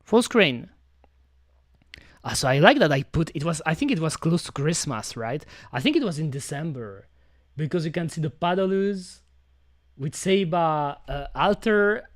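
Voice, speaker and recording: A woman's voice: fairly low pitch, no echo. A woman streaming from home into a studio microphone, chatting casually with slightly non-native phrasing. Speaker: VTuber streamer. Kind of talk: casual chat.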